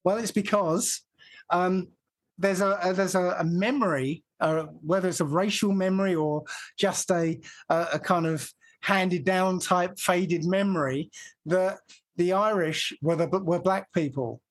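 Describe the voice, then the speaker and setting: Higher-voiced man explaining at length. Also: fairly even intonation, unhurried. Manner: explaining at length, laughing now and then. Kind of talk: casual conversation.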